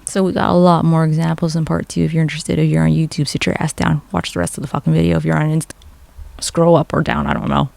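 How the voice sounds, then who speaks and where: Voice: mid-range voice, flat delivery, fast talker, creaky, a little mellow, no room sound. A vlogger in casual, rambling commentary, sarcastic and swearing constantly.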